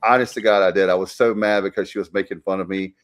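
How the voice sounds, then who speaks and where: A man's voice: low voice, steady tone, quick pace. A man co-hosting a sports talk show, joking and teasing in casual chat.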